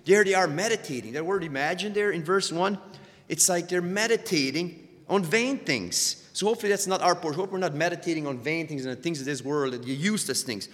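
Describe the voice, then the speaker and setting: A man preaching a sermon who stumbles over repeated words and surges louder on key points. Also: fairly high pitch, fairly quick, in a large hall.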